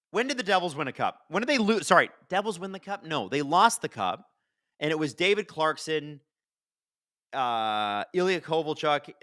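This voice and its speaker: A man hosting a live watch-along of a hockey game, chatting casually and reacting excitedly to the plays. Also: a little high, dry recording, clean studio sound. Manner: chatty, excitable, swears casually, talks to chat. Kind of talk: casual live-stream commentary.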